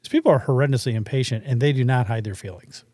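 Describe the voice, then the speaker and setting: A man's voice: mid-range voice, fast talker, mellow, dry recording, studio quality. A man from Iowa with a slight Midwestern accent, co-hosting a casual podcast chat and putting on silly accents for jokes. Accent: Midwestern hint. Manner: jokey, slips into mock accents for laughs. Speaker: podcast co-host.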